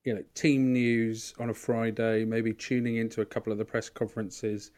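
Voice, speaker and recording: A man's voice: fairly low pitch, little pitch movement, moderate pace, a little mellow. A man co-hosting a podcast, telling rambling, sweary anecdotes in casual chat. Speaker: podcast co-host.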